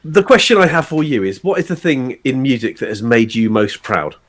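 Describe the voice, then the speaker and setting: A man's voice: mid-range voice, expressive, fairly quick, fairly bright tone. A man hosting a radio show, chatting casually in a teasing, jokey way. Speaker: radio host. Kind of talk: casual radio interview chat.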